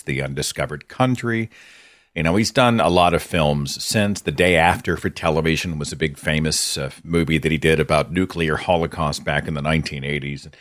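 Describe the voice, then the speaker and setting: Middle-aged male podcast host, low voice, big pitch swings, impassioned monologue. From Oklahoma, USA. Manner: animated and impassioned, swings between dry asides and exasperated outbursts.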